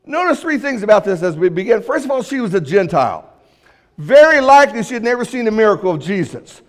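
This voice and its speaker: A man with a high-pitched voice delivers a Sunday sermon to his congregation. He preaches emphatically, leaning hard on key words and then letting his voice fall almost to a hush. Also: sing-song, fast talker. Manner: emphatic, swings between loud and hushed. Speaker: pastor.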